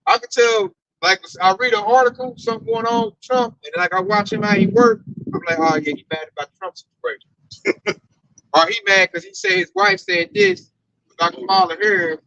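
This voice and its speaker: A man in a casual religious group discussion, telling animated stories and swearing freely. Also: high voice, moderate pace, vocal fry, no echo. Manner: animated storyteller, mimics coworker, swears freely. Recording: dull dry recording.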